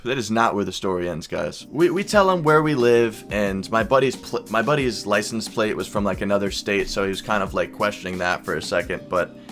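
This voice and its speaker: A young man vlogging, casually telling a wild night's story with lots of swearing and animated quoted voices. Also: on the low side, fairly quick, few pauses, faint music behind. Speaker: YouTuber.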